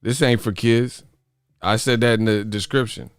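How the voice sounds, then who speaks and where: A man hosts a boxing live stream, profane and joking. His voice is smooth and clear on a close, dry mic. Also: medium pitch, normal speed, dry recording. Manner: profane, laughing, animated rants. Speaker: boxing channel host. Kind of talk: casual live-stream chat.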